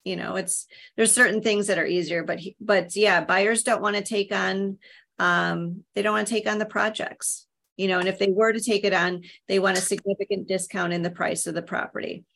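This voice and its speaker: A woman's voice: mid-range voice, fairly even intonation, normal speed, creaky, a bit bright. A woman real estate agent talking casually, explaining the market with lots of "you know" fillers. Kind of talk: casual panel conversation.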